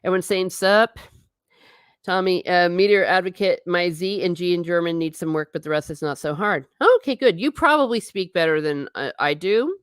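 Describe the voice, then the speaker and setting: Low-pitched American woman host, chatty livestream rambler, dry close sound. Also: steady tone, moderate pace, clear, resonant tone, dry recording. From United States. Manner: chatty, rambling, laughs often, reads viewer comments aloud. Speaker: livestream host reading chat. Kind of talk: casual livestream chat.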